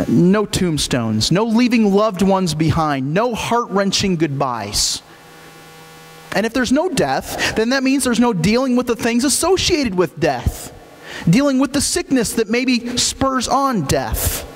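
A male pastor preaches with a lively, swooping delivery, leaning hard on repeated key phrases. His voice sits a bit high for a man and carries a long echo through a large church hall. A faint electrical hum runs underneath. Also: unhurried. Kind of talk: sermon.

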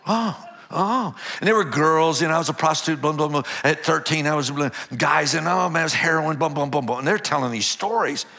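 Older male pastor, animated storyteller, slightly high, bright tone. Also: quick pace, creaky, hardly any pauses. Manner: animated storyteller acting out dialogue, laughing. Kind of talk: storytelling testimony.

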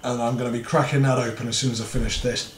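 A man's voice: mid-range voice, flat delivery, fast talker, reverberant, a little hiss or hum. A man talking through a horror game as he plays, muttering, swearing and getting jittery. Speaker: gaming video host.

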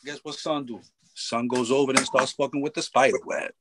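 A middle-aged man who is a guest in a casual interview, telling a story in lively slang. He repeats phrases and acts out what people said. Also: medium pitch, brisk, a little hiss or hum.

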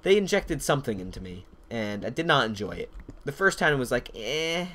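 A man's voice: medium pitch, big pitch swings, fairly quick, bright, forceful tone, slight background noise. A man chatting casually over his gameplay, rambling off topic with lots of swearing. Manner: rambling, profane, off-topic storytelling. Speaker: gameplay commentator. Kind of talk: casual let's-play commentary.

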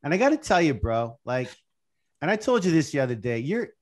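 A man's voice: on the high side, very animated, fairly quick. A man co-hosting a podcast, chatting casually in an effusive, teasing way with plenty of swearing. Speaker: podcast co-host. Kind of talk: casual chat.

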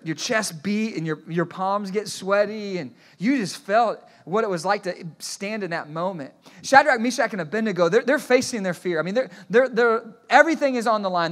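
A man preaching a sermon as pastor, telling stories in an animated way, often restarting his phrases and asking the congregation to repeat words after him. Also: sits high, a little fast, few pauses.

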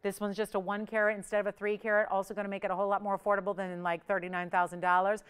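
A woman hosting a live shopping channel, giving an upbeat, persuasive sales pitch straight to the viewers. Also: little pitch movement, rapid-fire, smooth.

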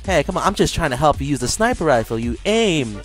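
A young man calmly mocking an opponent in an online game voice chat, sarcastic and amused. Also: a little high, very fast, faint music behind. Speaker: gamer and video maker.

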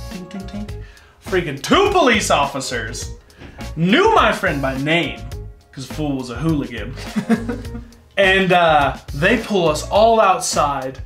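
A man's voice: on the high side, a bit bright. A man from the United States telling a long, rambling story with laughs as a guest on an interview show. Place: indoor set, eating spicy wings. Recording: roomy room with faint music.

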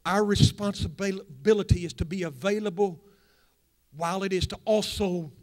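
A pastor with a notably high voice delivers a sermon in a church. He drops into quiet, confiding asides, then builds and rises to loud, ringing declarations. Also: moderate pace. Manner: swings from hushed asides to loud rising preaching. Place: church sanctuary.

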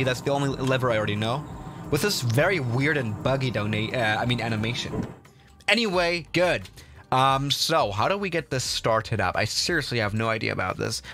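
A man's voice: mid-range voice, pushed and bright. A man streaming a flight sim, chatting casually to viewers in a rambling way full of fillers and restarts. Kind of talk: casual live gameplay commentary.

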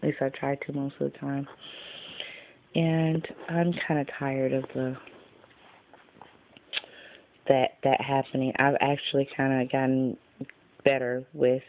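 A woman's voice: rumbling low, little pitch movement, normal speed. A tired woman in a casual show-and-tell vlog, rambling and chatty as she trails off mid-sentence. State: tired, yawning. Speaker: vlogger showing her craft pieces. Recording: tinny lo-fi phone-like sound, faint noise.

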